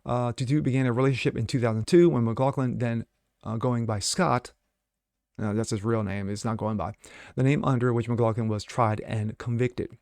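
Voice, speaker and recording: Blunt, gravelly male news commentator. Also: mid-range voice, steady tone, brisk, warm tone, no room sound. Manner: blunt, sarcastic, many fillers. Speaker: host. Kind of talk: solo commentary reading news and opining.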